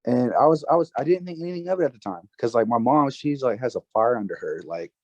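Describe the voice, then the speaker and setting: A man in his twenties, a podcast guest, telling a personal story in a casual, halting way with many fillers and restarts. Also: medium pitch, expressive, darkish tone, no echo, highs cut off. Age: 20s. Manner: emotional, recounting grief.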